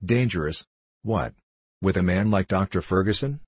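Guy reading as an eager loyal young servant, low husky voice, earnest. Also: expressive, normal speed, no room sound.

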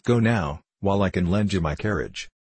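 A man reading the part of an angry, blustering middle-aged friar, sarcastic and loud. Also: sits low, normal speed, slightly rough, no echo. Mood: indignant.

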